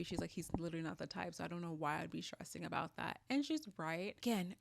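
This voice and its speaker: Woman, twenties, casual recap host, opinionated, chatty, low voice, gravelly fry. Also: quick pace. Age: 20s. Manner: chatty and opinionated, many "like" fillers.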